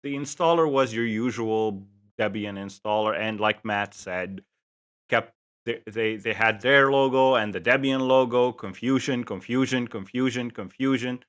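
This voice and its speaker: A man co-hosting a tech podcast, talking in a halting way with many pauses and fillers. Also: lowish voice, fairly bright tone, clear, resonant tone. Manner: halting, hesitant, lots of fillers. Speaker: podcast co-host. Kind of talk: casual podcast chat.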